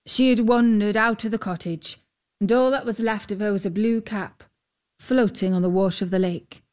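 A woman doing a gentle old fisherman. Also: medium pitch, fairly even intonation, moderate pace, lightly acted. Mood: wistful.

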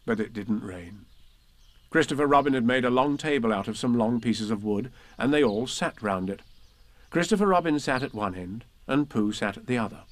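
A man narrating a children's storybook in a gentle, unhurried way. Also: mid-range voice, no room sound. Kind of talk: storybook reading.

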